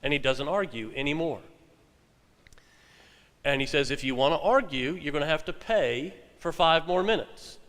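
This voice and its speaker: A male pastor delivers a sermon in a sanctuary with a long, lingering reverb. His voice sits a little high for a man. He speaks in measured phrases and slows down to lean on important words. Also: a bit bright. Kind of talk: sermon with scripture reading.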